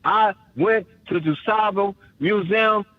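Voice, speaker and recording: A man's voice: high voice, takes it slowly, no echo, narrow, tinny audio. A man calling in to a radio talk show with an impassioned, preacherly monologue, often stammering and repeating words. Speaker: caller.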